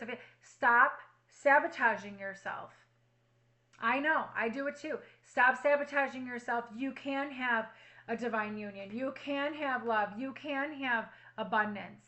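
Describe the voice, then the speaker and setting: A woman's voice: a little high, moderate pace, sharp tone, rough recording. A woman reading tarot cards for her viewers, earnestly reassuring them and repeating affirmations. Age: adult with a child at home. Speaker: tarot reader.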